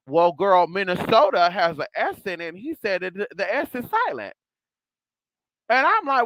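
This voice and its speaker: Sassy, very animated vlogger voice. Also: mid-range voice, moderate pace, no echo, lo-fi sound. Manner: sassy, animated, calls people "girl" and "honey", swears freely. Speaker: spiritual vlogger. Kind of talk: casual monologue to viewers.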